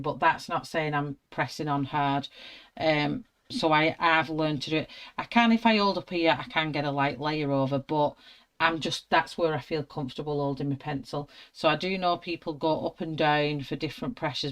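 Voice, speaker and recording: Brief: chatty woman, broad Wigan accent, live art tutorial host. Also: low voice. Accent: Wigan, Lancashire. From Wigan, England. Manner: chatty, laughs often, greets viewers by name. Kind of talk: live colouring tutorial chat.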